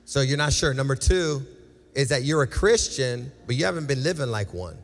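A man's voice: mid-range voice, expressive, moderate pace. A male pastor preaching a passionate sermon and altar call, pleading with his listeners and acting out their voices. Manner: passionate, repetitive exhortation with acted quotes. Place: large church sanctuary. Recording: reverberant church hall with music.

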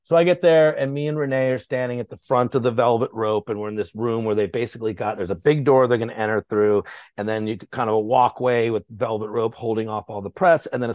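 Profane, lively storyteller guest, dry close sound. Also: male voice, mid-range voice, no echo. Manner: animated, profane, acts out voices. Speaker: podcast guest. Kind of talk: casual storytelling.

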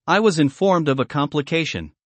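A man's voice: a little high, lively intonation, brisk, dry recording. A man voicing a stern, formal teenage boy who lectures his friends by the rules.

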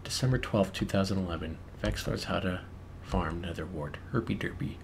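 A man's voice: deep voice, moderate pace, vocal fry. A young man with a Canadian accent, chatting and swearing casually while playing a video game. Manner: swears a lot, teasing, laughs often. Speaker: gaming video host. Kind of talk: casual gaming banter. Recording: faint keyboard noise behind.

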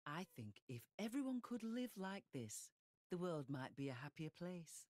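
A mellow motherly villager. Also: on the low side, normal speed, no echo. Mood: kindly. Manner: kindly, calm. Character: warm, motherly village woman.

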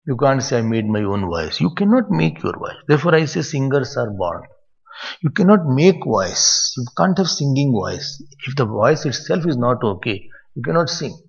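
A man's voice: mid-range voice, big pitch swings, normal speed, gravelly, husky. An older man with an Indian English accent gives a scripture discourse as a spiritual teacher, teaching in a conversational, digressive way. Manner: conversational, digressive teaching, mixing in Hindi phrases. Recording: dull, echoey hall recording.

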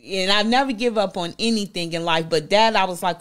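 A woman's voice: mid-range voice, normal speed, smooth. A woman with a Southern US accent, a boutique owner talking in a folksy, chatty way as a guest in an interview. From Southern United States. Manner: chatty, folksy, peppered with "you know". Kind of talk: casual interview chat.

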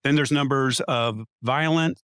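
A man's voice: medium pitch, unhurried, a bit bright, no echo, studio quality. A man in a casual panel debate, arguing his point insistently and reeling off statistics. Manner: argumentative, cites statistics. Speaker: panel guest.

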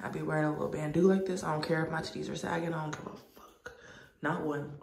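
Gravelly, chatty woman vlogger in a roomy space. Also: sits low, fast talker, a little hiss or hum. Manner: animated, profane, chatty. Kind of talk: casual chat to camera. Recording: roomy, distant mic.

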